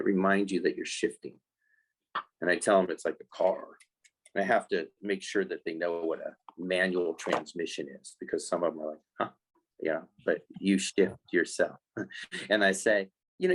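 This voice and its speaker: Gravelly-voiced man, animated coach. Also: low voice, poor audio. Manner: animated explaining, acts out quoted voices. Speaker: guest, life skills coach for kids. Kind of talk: casual podcast interview.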